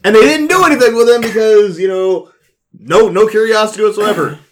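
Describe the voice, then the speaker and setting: A man's voice: high voice, brisk. A man running a tabletop role-play game as game master, describing scenes casually and dryly.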